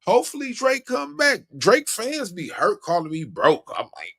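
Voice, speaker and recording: Streamer guy, high animated voice, slangy casual commentary, laughs a lot. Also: moderate pace, gravelly. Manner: slangy, laughs often, swears freely. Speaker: livestream host.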